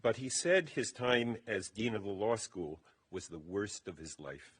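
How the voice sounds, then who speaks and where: A man with a low, slightly husky voice gives a eulogy at a funeral service. He reads his remarks at a measured pace. The delivery is steady and deliberate. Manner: measured, reading from a text.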